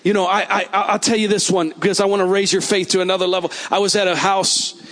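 A man's voice: high voice, flat delivery, fast talker, a bit bright. A man preaching a sermon, telling stories and then praying in a fervent, declaring way. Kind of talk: sermon with prophetic prayer. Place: church service.

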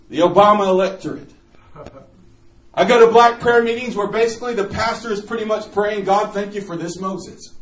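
Male preacher, high voice, lively storytelling, big echoey church, far from mic. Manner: animated storytelling, laughing often, bursts into shouts. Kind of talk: sermon testimony.

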